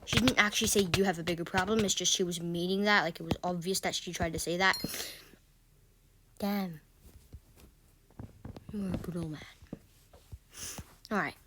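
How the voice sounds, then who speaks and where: A woman's voice: fairly low pitch, steady tone, normal speed, long pauses, noisy background. A woman vlogger telling casual stories in a rambling way, with stammering restarts and exasperated asides. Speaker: gaming channel vlogger. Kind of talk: casual storytelling vlog.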